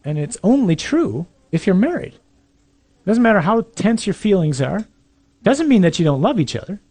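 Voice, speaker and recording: A male priest delivers a conversational sermon, punching key points with emphasis and slipping in dry humor. His voice sits a bit high for a man, yet sounds mellow and soft-edged rather than bright. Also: sing-song, moderate pace. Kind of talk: sermon to young adults.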